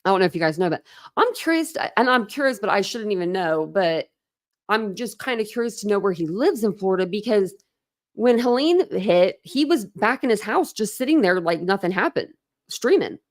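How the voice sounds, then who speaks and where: A woman's voice: mid-range voice, animated, normal speed. A woman from Ohio hosting a casual livestream chat, talking in a chatty, rambling way with many fillers. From Ohio, USA. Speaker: livestream host.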